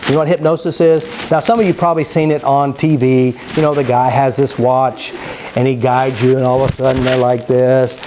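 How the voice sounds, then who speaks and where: A man's voice: medium pitch, slight background noise. A middle-aged man from Oklahoma giving a live seminar talk, telling stories, asking the audience questions and acting out what people say. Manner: animated storyteller, asks the audience questions, acts out quotes. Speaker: seminar speaker.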